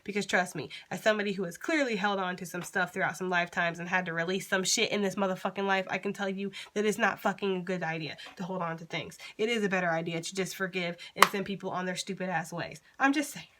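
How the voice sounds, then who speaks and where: A woman's voice: on the low side, steady tone, fast, hardly any pauses, fairly bright tone, a little hiss or hum. A woman giving a casual tarot reading, chatty and reassuring, blunt and freely profane. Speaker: tarot reader.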